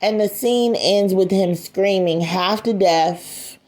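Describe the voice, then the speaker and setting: A woman casually retelling a story in a halting way, with frequent fillers and repeated words. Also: mid-range voice, a little mellow.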